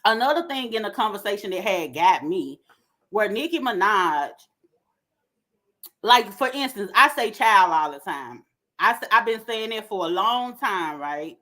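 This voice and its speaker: A woman giving an animated, opinionated commentary rant with lots of slang. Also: mid-range voice, a little slow. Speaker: commentary vlogger.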